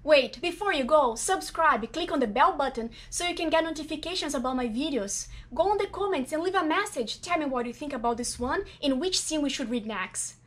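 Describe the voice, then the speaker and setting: A woman's voice: sits high, expressive, a little fast, few pauses. A woman hosting a table-read video who talks in a cheerful, upbeat way. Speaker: video host.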